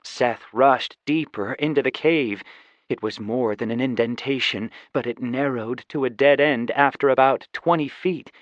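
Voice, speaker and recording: A man's voice: medium pitch, measured pace, no echo. Male audiobook narrator, dry and dull. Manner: even, steady storytelling with voiced dialogue. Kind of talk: scripted narration. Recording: slightly dull, dry studio recording.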